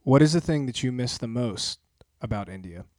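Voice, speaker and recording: A man hosting an interview, asking quick rapid-fire questions in a brisk way with dry humor. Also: medium pitch, lively intonation, darkish tone, no room sound. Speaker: interview host.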